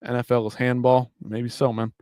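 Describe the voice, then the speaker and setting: A man's voice: mid-range voice, flat delivery, normal speed, dark tone, smooth, no room sound. Tired male streamer, loose and foul-mouthed, bone-dry mic. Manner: loose, profane, rambling with restarts. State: tired late at night. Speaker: livestream host. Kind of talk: casual live-stream chat.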